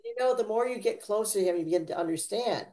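Fast and dark-toned, a woman hosts a casual faith-themed podcast. Her talk meanders and is punctuated by laughter, with sweeping dramatic changes in pitch and loudness.

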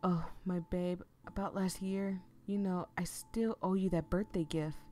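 A woman's voice: lowish voice, steady tone, a little slow, dark tone, slight background noise, close to an everyday voice. A woman voicing an affectionate young man from a visual novel who talks casually and makes easy promises. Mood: reassuring. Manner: casual, reassuring.

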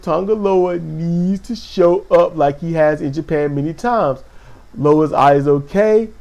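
A man with a gravelly voice giving a casual, animated spoken recap of a show, acting out quotes with sudden high exclamations. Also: dull audio. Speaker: wrestling show recap host.

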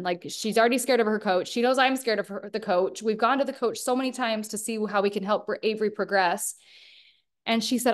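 A woman's voice: medium pitch, moderate pace. Earnest woman in her thirties coaching a group. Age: 30s. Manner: earnest, coaching, asks the audience questions. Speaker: workshop speaker. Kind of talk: motivational talk to a small group.

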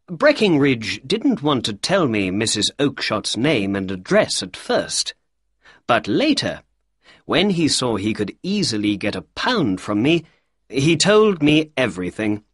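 A man's voice: medium pitch, sing-song, measured pace, slightly rough, dry recording, studio quality. A man voicing a confident, clever male detective in a storybook reading. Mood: amused. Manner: self-assured, explaining.

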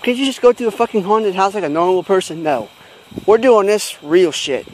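Frightened man, high voice, drawn-out speech, swearing to himself, handheld phone, outdoors at night. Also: slight background noise. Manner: heavy swearing, nervous self-talk. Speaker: vlogger filming himself. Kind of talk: handheld night-walk vlog. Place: outdoors in rural fields at night.

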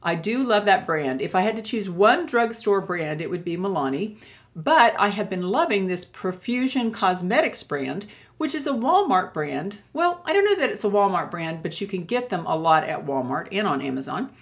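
A woman's voice: medium pitch, lively intonation, moderate pace. An older woman chatting to camera as a beauty vlogger, gushing as she reviews products she loves. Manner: warm and gushing, with many admiring exclamations.

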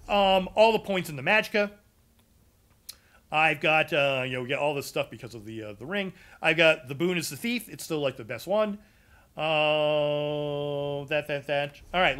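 A man's voice: fairly high pitch, fairly bright tone. A man streaming a casual game build walkthrough to his live chat, loose and chatty with lots of ums and uhs. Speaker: gaming streamer explaining a character build.

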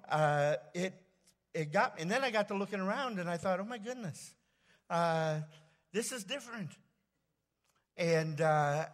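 A man preaching a sermon as pastor, telling a personal story in a halting, rambling way full of fillers and restarts. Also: high-pitched, a bit bright. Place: church sanctuary. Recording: long church hall reverb.

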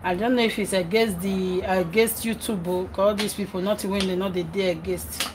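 A woman's voice: medium pitch, steady tone, normal speed, noisy background. Chatty Nigerian woman vlogging from her kitchen. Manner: chatty, reads comments aloud, scolds her children between remarks. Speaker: vlogger and mother. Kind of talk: casual cooking livestream chat.

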